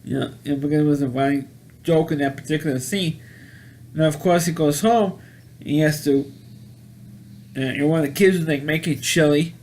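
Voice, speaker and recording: A man casually recapping a movie plot, rambling and halting with many restarts and repeated words. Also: fairly high pitch. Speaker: movie reviewer.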